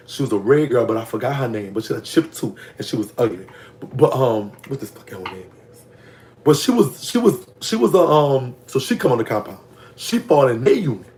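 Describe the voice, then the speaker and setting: A man's voice: medium pitch, darkish tone, a little hiss or hum. A man with a Louisiana Southern accent telling a prison story in casual, gossipy storytime talk, his voice leaping up when he reacts to comments. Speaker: vlogger telling prison stories.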